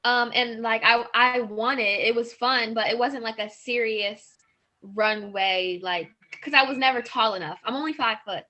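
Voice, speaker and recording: A woman's voice: a little high, moderate pace, sharp tone. A young woman, a model and guest, chatting casually on a video call, full of "like" and "um". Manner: casual, many fillers like "like" and "um". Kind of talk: casual interview chat.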